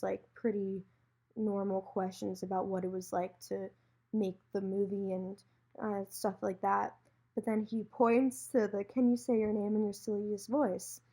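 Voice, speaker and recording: A young woman with a husky, slightly breathy voice and a gravelly edge, hosting a solo podcast. She tells a personal story in an animated way and acts out what each person said. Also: mid-range voice, unhurried. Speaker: podcast host.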